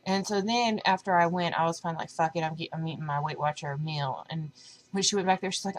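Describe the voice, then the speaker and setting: Chatty young woman, low voice. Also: quick pace, poor audio. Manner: chatty, lots of fillers, retells quotes animatedly. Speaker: vlogger. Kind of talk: casual diet vlog chat.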